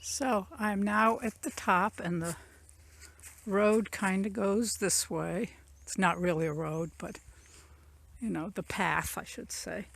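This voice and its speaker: A channel owner with a gravelly, fry-edged voice of medium pitch and a slightly bright quality narrates a casual walking tour of her country property. She talks slowly, rambling and pointing things out in rural woods and fields, filmed on a phone camera as she walks.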